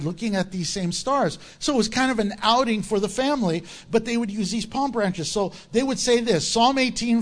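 A male pastor preaching a sermon, reading scripture aloud and acting out crowd voices in an animated way. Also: high voice.

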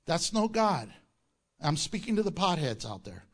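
A man preaching a sermon as pastor, animated and joking, often laughing at his own lines. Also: on the high side, normal speed.

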